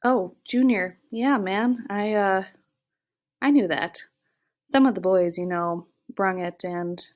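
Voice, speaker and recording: A woman voicing a shifty grown man in an audiobook, stammering nervous excuses in a louder, higher voice. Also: slow pace, close to an everyday voice.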